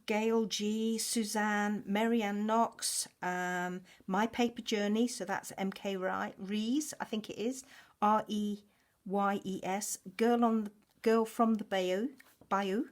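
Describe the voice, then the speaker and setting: A woman's voice: medium pitch, fairly even intonation, slow pace. A woman chatting in a home craft room, effusive and grateful, with many ums. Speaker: journaling vlogger. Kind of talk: casual craft vlog chat.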